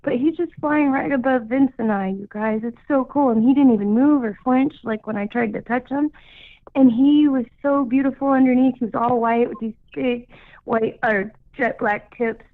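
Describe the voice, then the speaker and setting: A woman's voice: a little high, normal speed, dry recording. Woman, radio caller, casual storytelling, chatty, fillers, tinny phone line, dry sound. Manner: chatty, full of "like" and "you know".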